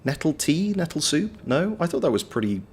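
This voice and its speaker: A man's voice: on the high side, very animated, moderate pace, a little hiss or hum. A man chatting casually on a game livestream, reading out his chat with wry, playful banter. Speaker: game streamer.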